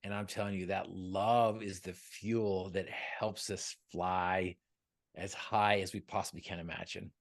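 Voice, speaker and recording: A man's voice: low-pitched, level tone, a little slow, vocal fry. A man giving a motivational talk as a guest speaker on a video call, joking and telling stories in an earnest, upbeat way.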